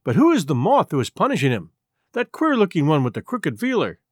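A man's voice: on the high side, wildly swooping pitch, a little fast, slightly rough, no room sound, clean studio sound, full character voice. A man voicing a rude male stranger moth who talks in a sugary, mocking way. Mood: smooth.

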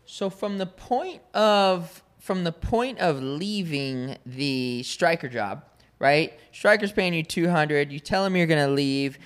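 Man with a fairly high voice hosting an interview. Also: slow pace, fairly bright tone, clear, resonant tone. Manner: recaps and probes the guest's timeline. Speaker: podcast host.

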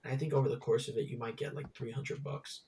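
A man's voice: medium pitch, steady tone, fast talker, mellow, slightly rough. A young man hosting a casual gaming chat, rambling with lots of fillers and restarts. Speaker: podcast host.

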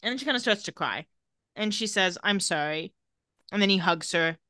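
Podcast host, woman, bright and forward voice, dry close recording, casual recap delivery. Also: mid-range voice, animated, moderate pace, no room sound. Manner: narrates scenes, quoting characters.

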